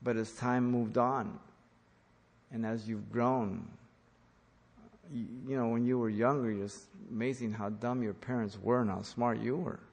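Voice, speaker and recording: A man's voice: medium pitch, fairly even intonation, unhurried, vocal fry, darkish tone, big-room sound. A man preaching an earnest sermon, speaking as a pastor who repeats key points for emphasis.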